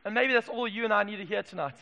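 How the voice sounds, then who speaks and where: A man from Zimbabwe preaching a passionate sermon in a church, moving from hushed asides to loud calls. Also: high voice, very fast, gravelly, highs cut off. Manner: passionate, swings from hushed to shouting. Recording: echoey hall reverb.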